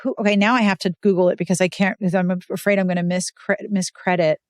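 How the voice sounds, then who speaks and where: A woman's voice: medium pitch, steady tone, fast, no room sound. Giggly woman host, dry close sound. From Florida. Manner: giggly, teasing quips. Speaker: podcast host. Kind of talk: casual chat.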